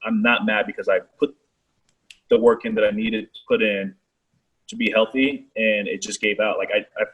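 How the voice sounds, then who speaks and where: A young man, a baseball pitcher, talking casually as a guest, with lots of "like" and "you know". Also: normal speed, slightly rough, highs cut off. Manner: relaxed, filler-heavy talk with many "like"s. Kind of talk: casual chat.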